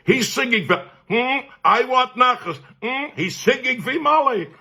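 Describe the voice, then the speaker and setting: An older man voicing a proud, insistent Jewish mother who hums and insists, in a much higher voice. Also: animated, measured pace, bright, forceful tone, slightly rough, exaggerated voice.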